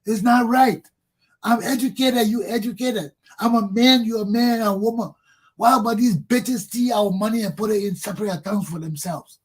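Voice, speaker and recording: Man, Liberian English accent, talk show host, angry profane monologue, husky, high-pitched. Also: fairly even intonation, normal speed. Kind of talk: impassioned political monologue.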